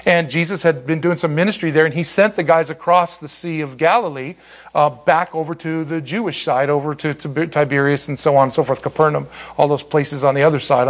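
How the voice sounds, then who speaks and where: A man teaching a Bible study to a group in a conversational, animated way, with many restarts and asides. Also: on the high side.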